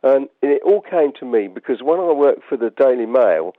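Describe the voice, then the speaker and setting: A man's voice: mid-range voice, expressive, normal speed, no echo. An older man with a Buckinghamshire accent, a guest telling rambling stories, full of ums and restarts. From England, Buckinghamshire. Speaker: guest, chair of ex-players association. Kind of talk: anecdotal radio interview. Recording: dry, tinny phone line.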